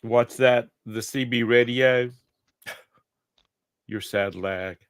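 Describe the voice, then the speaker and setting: A man's voice: mid-range voice, takes it slowly, clean tone, no echo. A man co-hosting a casual live-stream chat, reminiscing and teasing the others.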